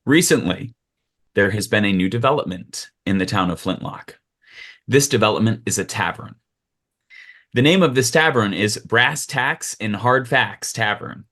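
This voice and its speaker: A low-voiced man running a tabletop fantasy game as game master. He sets each scene in a relaxed, storytelling way. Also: normal speed.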